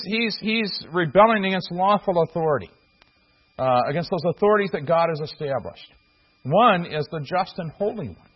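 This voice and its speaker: A man preaching a sermon, earnest and halting, with frequent fillers and restarts. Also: sits high, slightly rough. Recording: dull lo-fi recording.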